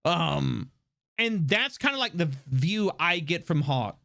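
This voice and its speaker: Lively, rambling livestream chatter. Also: medium pitch, slow pace, vocal fry. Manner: rambling, full of fillers and restarts; excitable, laughs often. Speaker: streamer. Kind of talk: casual livestream chat.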